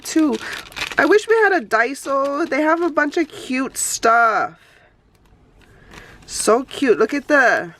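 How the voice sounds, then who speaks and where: A woman from Hawaii, a craft YouTuber, gushing with excitement as she unboxes happy mail in casual chat. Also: on the high side, a little hiss or hum. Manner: gushing, exclamatory, lots of "oh my gosh". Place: home, Phoenix.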